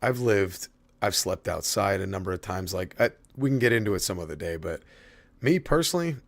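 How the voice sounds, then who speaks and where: A man's voice: deep voice, expressive, a little fast, gravelly, no room sound. A man streaming a video game, chatting casually with viewers, profane and rambling but heartfelt. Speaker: gaming streamer. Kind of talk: casual stream chat while gaming.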